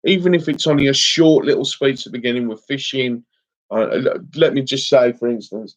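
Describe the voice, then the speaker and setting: A man's voice: mid-range voice, a little fast. A man hosting a fishing livestream, chatting casually and a little emotionally while answering viewers' comments, calling them mate. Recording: slightly dull lo-fi stream audio.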